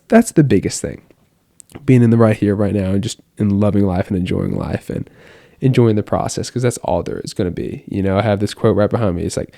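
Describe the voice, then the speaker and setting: A teenage boy muses aloud in a late-night bedroom vlog, his voice mellow and on the low side. He rambles earnestly, leaning on "like" as he goes. The sound is close and dry, with no room echo. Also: gravelly. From United States. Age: teens. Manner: rambling, earnest, many "like" fillers. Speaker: vlogger. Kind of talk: late-night reflective monologue. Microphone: camera.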